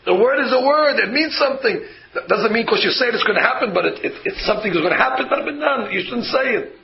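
A man's voice: extremely high pitch, fast talker, vocal fry, dull audio. A rabbi giving a sermon and telling anecdotes, acting out the people in his stories. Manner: animated storytelling, acts out quoted voices.

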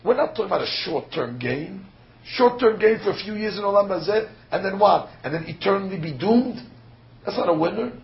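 His voice sits high with vocal fry as this rabbi delivers a sermon mixing in a story, stressing points with rhetorical questions and sometimes tripping on fillers. The recording is dull and lo-fi, with faint ambience.

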